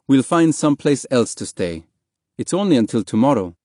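A tired, proud father of a family turns down help in a firm, polite voice, a touch louder than the narration, as a male narrator plays him. His tone stays close to the reader's own. It is recorded dry and close. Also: mid-range voice, sing-song, moderate pace, dry recording.

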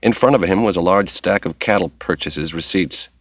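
A man narrating an audiobook in a steady, measured reading voice. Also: sits low, no room sound. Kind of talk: scripted narration. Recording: dull lo-fi recording.

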